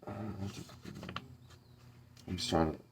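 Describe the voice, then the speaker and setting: A man's voice: slow pace, noisy background. A man casually reading a storybook aloud, with rambling, chatty asides and self-corrections.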